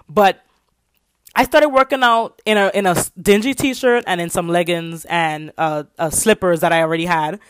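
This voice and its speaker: Animated woman hosting a motivational podcast. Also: on the low side, normal speed, smooth, no echo, clean studio sound. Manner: animated storytelling, repeats words. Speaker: podcast host.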